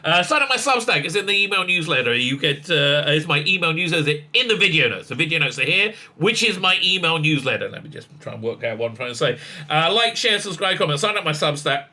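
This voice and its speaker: A man, rambling excitably through a casual commentary vlog with many fillers and restarts. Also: a little high, fast talker. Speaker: rabbi and online commentator.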